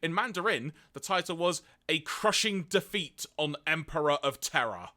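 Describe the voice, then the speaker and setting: Lively, bright-voiced male podcast host. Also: on the high side, moderate pace. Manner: reads notes aloud, laughs often. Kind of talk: casual podcast discussion.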